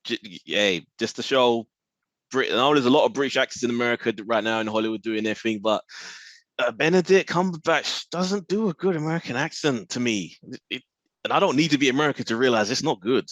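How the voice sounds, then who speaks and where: A man co-hosting a podcast, chatting casually with blunt, animated remarks. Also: medium pitch, dry recording. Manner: animated, blunt, quick bursts. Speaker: podcast co-host. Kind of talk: casual chat.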